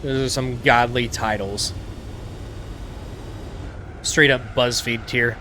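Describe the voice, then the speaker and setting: A man's voice: medium pitch, fairly even intonation, slow, sharp tone, slight background noise. A man with a tired, worn-out throat, casually commentating while playing a racing game, in a laid-back, self-deprecating way. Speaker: gaming streamer. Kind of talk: casual let's play commentary. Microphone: desk mic.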